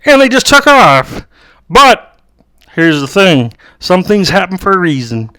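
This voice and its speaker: Young dude with a high smooth voice telling a rambling story, dry close sound. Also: male voice, very animated, unhurried, pushed and bright, no echo. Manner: rambling, says "dude" a lot. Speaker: co-host. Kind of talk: comedic storytelling.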